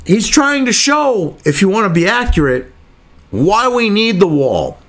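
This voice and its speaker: A man's voice: sits high, very animated, a little slow, fairly bright tone. A man reading news articles aloud and cutting in with angry, profane, sarcastic rants, as host of his own commentary show.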